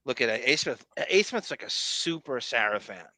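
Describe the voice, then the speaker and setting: A man's voice: medium pitch, animated, moderate pace, pushed and bright, dry recording. A man co-hosting a podcast, talking in a blunt, rambling, profane casual way. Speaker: podcast co-host.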